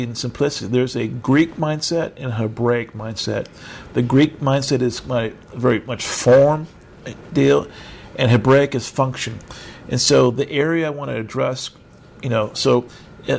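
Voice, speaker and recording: A man's voice: medium pitch, gravelly, a little hiss or hum. A middle-aged man giving an informal teaching sermon over a video call, conversational and rambling with self-mocking humor. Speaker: preacher.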